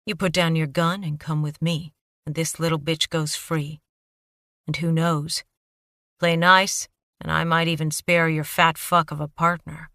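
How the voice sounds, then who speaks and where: A woman voicing a cold, menacing young male killer who speaks in hushed, sneering threats. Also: sits low, little pitch movement, unhurried, no room sound, clean studio sound, heavily acted. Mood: icy menace.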